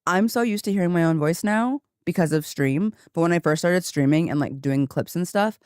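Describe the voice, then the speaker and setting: A woman game streamer chatting casually and rambling on a desk microphone, laughing often, her voice jumping higher when she gets excited. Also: fairly quick, no echo, clean studio sound. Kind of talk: casual live-stream chat. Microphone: desk microphone with headphones.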